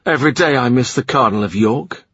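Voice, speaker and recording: A man reading the lines of a weary, wistful middle-aged English king in a soft, subdued voice. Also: mid-range voice, measured pace, slightly rough, no room sound. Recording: slightly muffled dry recording.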